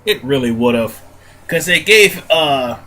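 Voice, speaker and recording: Congested man with a very bright voice. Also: medium pitch, expressive, slow pace. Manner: rambling, corrects himself often. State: stuffy nose, congested. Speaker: let's play commentator. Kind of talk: casual gameplay commentary.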